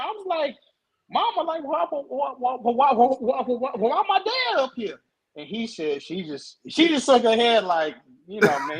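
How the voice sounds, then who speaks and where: A young man telling a story in casual talk, animated, stuttering and repeating words. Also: high voice, husky, low-quality recording.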